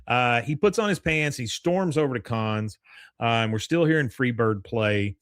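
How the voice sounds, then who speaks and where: A man hosts a podcast and recaps an episode in a loose, rambling way, full of fillers and chuckles. His voice sits in an ordinary middle pitch, recorded dry and close. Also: expressive, normal speed, fairly bright tone, no room sound. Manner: rambling, with frequent fillers and laughs. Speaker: podcast host.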